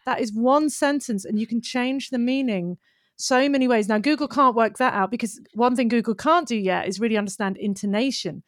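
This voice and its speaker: A woman who works as a copywriter, talking as a podcast guest in a casual, animated and opinionated way. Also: fairly high pitch, a little fast, dry recording, studio quality. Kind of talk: casual conversation.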